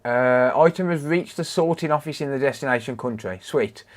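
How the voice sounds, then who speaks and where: A man's voice: mid-range voice, moderate pace. A man with a British accent chatting casually on a repair livestream, greeting and thanking viewers by name as he works. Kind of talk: casual live stream chat.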